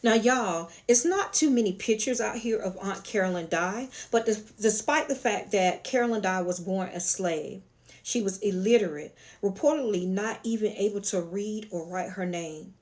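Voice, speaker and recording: A woman's voice: mid-range voice, moderate pace, darkish tone. A woman with a Southern accent hosting her own spiritual channel, telling a story in a sassy, colloquial way and calling her viewers honey and y'all. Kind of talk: casual storytelling lecture.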